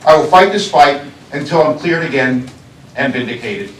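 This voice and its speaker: A man serving as county sheriff, addressing a board meeting in its chambers, speaking deliberately and accusingly and repeating phrases for emphasis. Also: mid-range voice, lively intonation, a little hiss or hum. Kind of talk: public address at a government meeting. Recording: echoey chamber, voice from far off.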